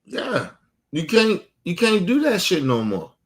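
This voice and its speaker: A man in his thirties hosts a casual podcast streamed from his home studio, chatting loosely and profanely and acting out quotes with animation as he tells stories. His voice is high and a little slow.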